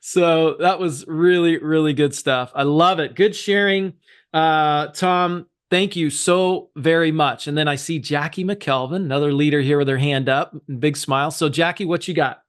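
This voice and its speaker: A man's voice: on the high side, fairly even intonation, normal speed, clear, resonant tone. A man hosting a team meeting, calling on people in an enthusiastic, encouraging way. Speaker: meeting host. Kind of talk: casual chat.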